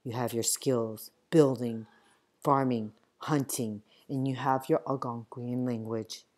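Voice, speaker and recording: A woman reading the part of a wounded, feverish army captain who speaks slowly and gravely. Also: very deep voice, steady tone, darkish tone, heavily acted. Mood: weary, grave. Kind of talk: audiobook character reading.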